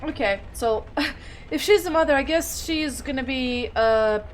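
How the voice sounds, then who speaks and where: A woman's voice: sits high, a little slow, slight background noise. A woman playing a game and commenting casually, giggly and self-deprecating. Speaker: let's play streamer.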